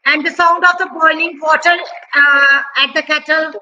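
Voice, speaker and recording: Very high-voiced woman teaching small children. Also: steady tone, moderate pace, pushed and bright, lo-fi sound. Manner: questioning, praising, imitating animal and vehicle sounds. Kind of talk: online class for young children.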